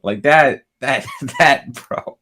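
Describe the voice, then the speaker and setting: A man co-hosting a podcast in casual chat, excitable, swearing freely and laughing often. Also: mid-range voice, takes it slowly, a little hiss or hum. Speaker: podcast co-host.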